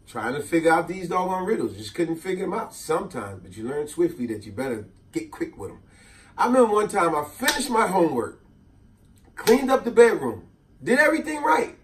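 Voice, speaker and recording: A man tells funny stories from his childhood in a casual, animated way. His voice swings up and down a lot, and he sits a little back from the mic. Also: on the high side, recorded from a distance. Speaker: vlogger. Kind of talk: comedic storytelling. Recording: voice a bit off-mic.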